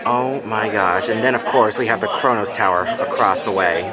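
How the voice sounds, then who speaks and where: Excitable man touring a hotel. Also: fairly low pitch, normal speed, loud music behind the voice. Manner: excitable, gushing, addresses viewers as guys. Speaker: theme park vlogger. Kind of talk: hotel tour walkthrough. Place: hotel rooftop, then a hotel room.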